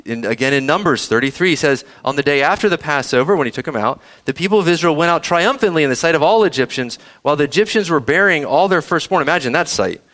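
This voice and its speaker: Animated high-voiced male preacher. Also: fast talker, few pauses. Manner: animated preaching, asks the audience questions, addresses kids. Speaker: pastor. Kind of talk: sermon.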